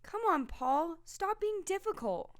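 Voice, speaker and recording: An actress playing a patient female nurse who coaxes a man, speaking gently but firmly in an animated horror story. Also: very high voice, measured pace, heavy background noise, exaggerated voice. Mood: coaxing. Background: background music.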